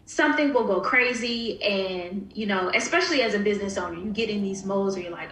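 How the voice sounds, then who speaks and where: Bright, animated woman in an echoey room. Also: mid-range voice, brisk, few pauses, slight background noise. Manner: animated, emphatic, laughs often. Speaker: podcast guest. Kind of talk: casual podcast interview.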